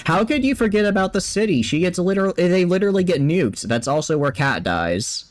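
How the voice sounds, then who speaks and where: A man's voice: high-pitched, very animated, brisk. A man giving casual commentary as he streams a game, thinking aloud in a chatty way.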